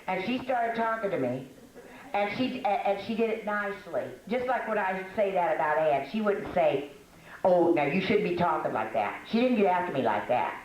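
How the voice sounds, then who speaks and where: A woman's voice: medium pitch, animated, normal speed, darkish tone. An older woman giving a folksy, self-mocking talk to a women's meeting, with frequent laughs and fillers. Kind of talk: conversational talk to a women's audience. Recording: echoey room.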